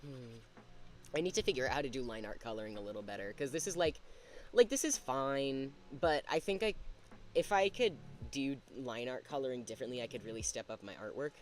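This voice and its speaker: A man's voice: medium pitch, fairly quick, a little hiss or hum. A man chatting casually on a livestream while drawing, thinking aloud and laughing at himself. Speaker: streamer.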